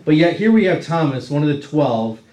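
A man's voice: on the high side, expressive, normal speed, darkish tone, roomy sound, low-quality recording. A man leading an informal Bible study class, talking it through conversationally and often checking in with "right?". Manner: conversational, checks in with 'right?' tags.

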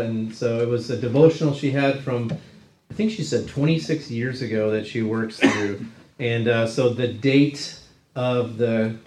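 A man's voice: medium pitch, a little mellow, roomy sound, rough recording. A man leading an informal Bible study class, talking it through conversationally and often checking in with "right?". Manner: conversational, checks in with 'right?' tags.

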